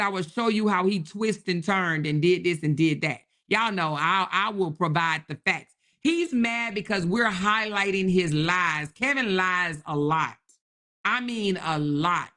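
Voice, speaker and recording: A woman hosts a live stream in a voice of middling pitch, talking casually to her viewers. She is animated and slangy, with plenty of repeated exclamations aimed at her chat.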